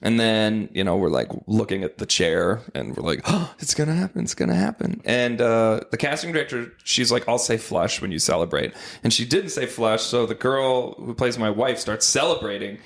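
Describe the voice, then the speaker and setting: A man's voice: lowish voice, normal speed, few pauses. A man hosting a podcast, casually telling an audition story and acting out the people in it. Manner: animated storyteller, acts out voices in anecdotes. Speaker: podcast host.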